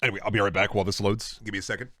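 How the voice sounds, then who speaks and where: A young man streaming a video game, chatting casually with a rambling, jokey, profane manner and sudden excited outbursts. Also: on the low side, racing, dry recording. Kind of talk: casual gaming stream chat.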